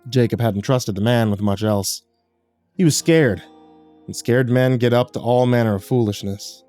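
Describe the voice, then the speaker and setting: A man's voice: mid-range voice, moderate pace, darkish tone, soft background music. A man reading a horror story aloud in a dramatic storytelling manner. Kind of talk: scripted horror narration.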